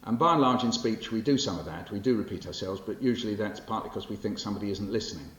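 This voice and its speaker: A man's voice: lowish voice, fast talker, a bit bright. A man in his sixties from England, a poet giving a public lecture in a library hall, who talks in a wry, conversational way with fillers and self-corrections. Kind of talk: lecture with poetry readings. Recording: roomy, muffled hall recording with faint hiss.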